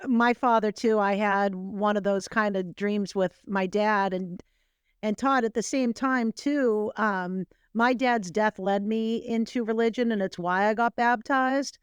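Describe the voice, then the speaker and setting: A woman's voice: medium pitch, a little slow, clean tone, dry recording. A woman co-hosting a podcast, speaking sincerely about her own experiences over a call. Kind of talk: conversational interview.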